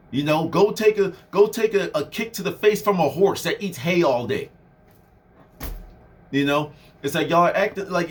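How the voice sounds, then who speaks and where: A young man giving a casual motivational talk, animated and conversational, full of fillers, swinging his voice up and down for effect. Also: on the high side. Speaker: motivational speaker.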